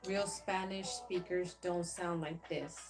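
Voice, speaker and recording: A woman's voice: fairly low pitch, steady tone, slow pace, over music. A woman co-hosting a livestream, reading viewer comments aloud in a hesitant way with fillers.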